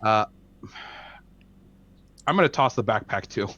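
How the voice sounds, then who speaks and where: A man's voice: lowish voice, animated, measured pace, a bit bright, highs cut off. Matter-of-fact man playing a tabletop game. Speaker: player.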